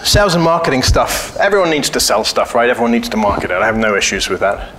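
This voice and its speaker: A man's voice: medium pitch, sing-song, fast talker, noisy background. A man giving a casual conference talk, blunt and joking, telling anecdotes and swearing freely. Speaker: conference speaker. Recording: echoey hall.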